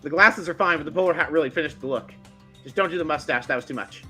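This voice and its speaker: A tabletop game player in casual chat who talks in an animated, teasing way and often restarts sentences. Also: mid-range voice, fast talker, faint music behind.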